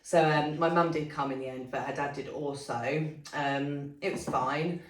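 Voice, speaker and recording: A woman's voice: deep voice, steady tone, moderate pace. A young woman, co-hosting a podcast and telling a story in candid, casual chat full of swearing and fillers. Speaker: podcast co-host. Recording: roomy sound from a distant mic.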